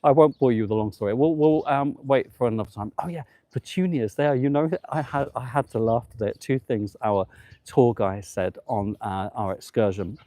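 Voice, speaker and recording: A man chats on a travel live stream from a seaside promenade, talking to his phone held at arm's length. His voice is mellow and warm, and he gushes, rambles and answers viewer comments as they come in. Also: mid-range voice, normal speed, dry recording. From United Kingdom. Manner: chatty and gushing, reads viewer comments aloud, frequent ums. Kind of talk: casual live-stream chat.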